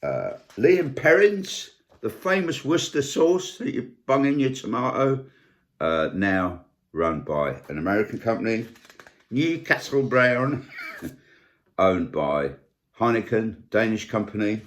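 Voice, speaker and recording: A man's voice: fairly low pitch, big pitch swings, measured pace. An older man, talking in a casual vlog monologue and listing examples with indignant emphasis. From United Kingdom. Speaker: vlogger.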